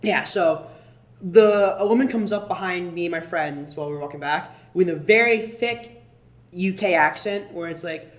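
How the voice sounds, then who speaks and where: Young man, podcast co-host, casual rambling chat, high voice. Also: normal speed. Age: young adult. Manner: chatty, rambling with many fillers.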